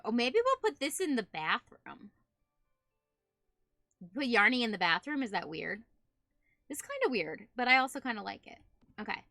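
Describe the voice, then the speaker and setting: Chatty woman streamer, bright voice. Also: fairly high pitch, very animated, moderate pace, vocal fry, pauses often, dry recording, studio quality. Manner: chatty, talks to her viewers as "guys". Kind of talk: casual live-stream chat.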